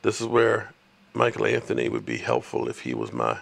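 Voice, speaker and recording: A man's voice: extremely low pitch, sing-song, moderate pace, creaky. A man hosting a casual sports livestream, chatting with viewers and ranting at rival fans. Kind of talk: casual live-stream chat with viewers.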